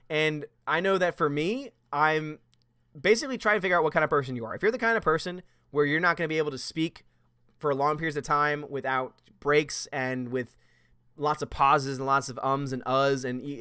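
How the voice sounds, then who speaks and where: A chatty male host on a casual livestream, reading out viewer comments and laughing often. His voice sits a touch high for a man and comes through smooth and clean. The sound is dry and close. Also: sharp tone, dry recording.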